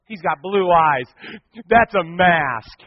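A man preaching a sermon as the pastor, telling a story with lively, animated delivery and acting out other people's lines. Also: high voice, slow. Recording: dull sound with long hall reverb.

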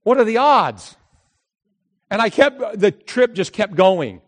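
A middle-aged man telling a long personal story to an audience, animated and anecdotal, coming back again and again to a catchphrase. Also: sits high, slow.

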